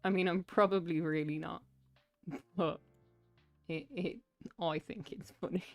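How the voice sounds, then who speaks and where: A woman's voice: fairly low pitch, steady tone, a little slow, no echo, faint music behind. A young woman chatting casually during an art livestream, chatty and self-mocking. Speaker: art streamer. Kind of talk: casual chat while drawing on a livestream.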